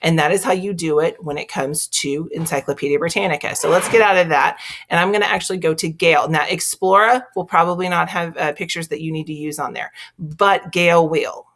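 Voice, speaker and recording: A woman's voice: deep voice, fast talker, hardly any pauses, a bit bright. A woman with a Texas accent teaching a screen-recorded tutorial, chatting step by step through each click. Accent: Texan.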